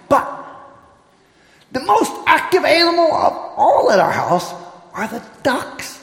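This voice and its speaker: Animated man telling kids a story. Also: extremely high pitch, slow pace, gravelly, long pauses. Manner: animated, playful, calls out to kids. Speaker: children's storyteller. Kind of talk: children's story talk. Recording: echoey hall with long reverb.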